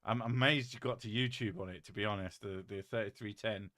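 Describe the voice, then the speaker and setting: Deadpan British man, low voice. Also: brisk, no echo, studio quality. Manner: joking, deadpan, swears casually. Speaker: live streamer reading chat. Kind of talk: casual live-stream chat.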